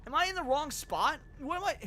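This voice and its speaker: A male streamer giving casual gaming commentary, excitable and frustrated, swearing and bantering with his chat. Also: very high-pitched, fairly quick.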